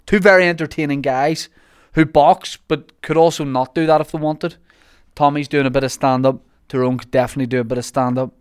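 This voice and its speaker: A man's voice: fairly high pitch, steady tone, clear, resonant tone, no room sound, clean studio sound. Guy hosting a podcast, teasing and joking around, casual. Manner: jokey, teasing, quick asides. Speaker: podcast host.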